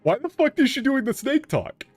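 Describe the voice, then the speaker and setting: A man streaming a game and translating its dialogue live, talking in a halting way with frequent restarts and casual swearing. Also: very high voice, big pitch swings, dry recording, soft background music. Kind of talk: live gameplay commentary.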